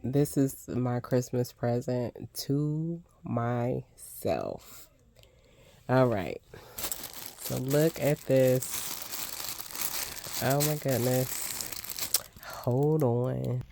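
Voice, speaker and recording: An older woman doing a casual unboxing vlog, gushing with excited exclamations as she shows off crafting supplies. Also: very deep voice, extremely slow, gravelly, long pauses, slight background noise. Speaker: crafting vlogger.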